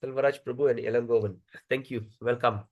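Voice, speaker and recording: A man leading a devotional scripture class over a video call, slowly chanting words to show their pronunciation and often checking with his listeners. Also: medium pitch, steady tone, phone-quality sound. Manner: addresses listeners directly, checks with "okay?". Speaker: teacher leading a scripture study.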